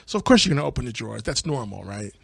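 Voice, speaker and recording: A man's voice: mid-range voice, racing, gravelly, breathy edge, no room sound, clean studio sound. A man co-hosting a podcast in a casual chat, retelling news stories and laughing often. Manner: laughs often, lively storytelling. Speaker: podcast co-host.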